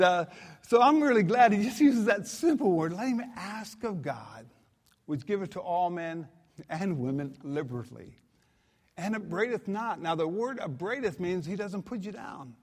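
A man's voice: sits high, animated, normal speed, darkish tone, big-room sound. A man preaching a sermon as a guest preacher, reading scripture and telling homespun stories in a conversational, folksy way. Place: church auditorium.

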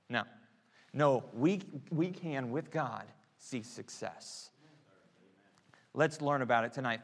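Guy preaching in a big echoey church, goes quiet then gets loud and fired up. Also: medium pitch, unhurried. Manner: dramatic swings from hushed prayer to loud emphatic preaching. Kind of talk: sermon. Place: church sanctuary. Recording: long church reverb.

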